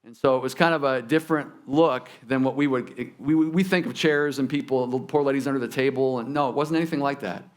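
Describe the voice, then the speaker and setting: A man's voice: mid-range voice, steady tone, brisk, hardly any pauses. A man preaching a sermon in a church, talking conversationally and turning to the congregation with asides. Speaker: pastor. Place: church sanctuary.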